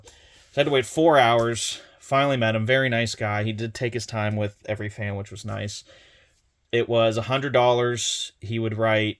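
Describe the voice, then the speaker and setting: A young collector vlogger casually recaps his convention haul, rambling with fillers and restarts as he quotes conversations from the visit. His voice is on the low side and a bit bright.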